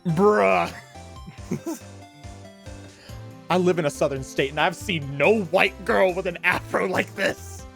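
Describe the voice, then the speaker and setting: A man's voice: high voice, slow, vocal fry, long pauses, music in the background. A man co-hosting a game stream, playful and laughing easily in casual commentary. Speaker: gaming channel co-host.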